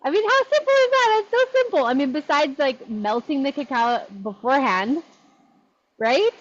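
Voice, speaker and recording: A woman's voice: high voice, normal speed, lo-fi sound. A woman hosting an online event in an enthusiastic casual chat over a video call. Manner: lively, enthusiastic. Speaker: host.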